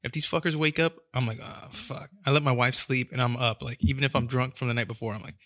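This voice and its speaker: A laid-back man, talking in a loose, rambling way with a steady swear word and a "dude" in almost every sentence. His pitch sits at an ordinary middle, and the sound is dry and close. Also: fast talker, no echo. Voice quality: swears constantly, lots of likes and dudes. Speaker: podcast host. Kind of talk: casual chat.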